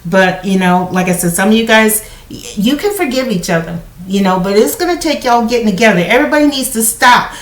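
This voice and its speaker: A woman giving a casual spoken tarot reading to her viewers, talking in a chatty, conversational way and often checking in with "you know" and "okay?". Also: medium pitch. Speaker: tarot card reader. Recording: roomy echo.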